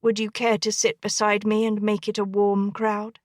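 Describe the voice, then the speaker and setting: Woman reading a playful young english wife, light and teasing, sits right in the middle pitch-wise, dry close sound. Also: monotone, normal speed, no echo, lightly acted.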